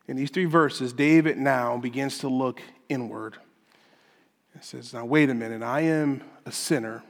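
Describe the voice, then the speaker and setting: A man preaching a sermon as pastor, emphatic and building to loud climaxes, in a church sanctuary. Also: mid-range voice. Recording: long hall reverb.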